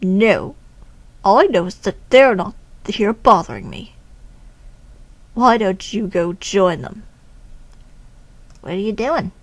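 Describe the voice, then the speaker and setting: A woman's voice: mid-range voice, big pitch swings, takes it slowly, pauses often, no room sound, heavily acted. A woman voicing a surly, hostile adult man in a video game, speaking curtly and dismissively. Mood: grumbling. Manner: curt, dismissive.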